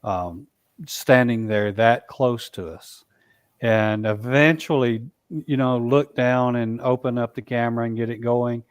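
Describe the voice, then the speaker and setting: A man telling a long story in a casual, halting way, full of fillers and restarts. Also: mid-range voice, fairly even intonation, clean tone, no room sound. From Alabama, US. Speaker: Bigfoot researcher guest.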